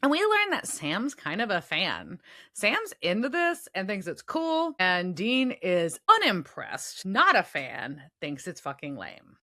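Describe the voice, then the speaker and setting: A woman's voice: medium pitch, huge pitch swings, measured pace, bright, forceful tone. A woman co-hosting a podcast, loosely recapping a TV episode with casual swearing. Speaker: podcast co-host.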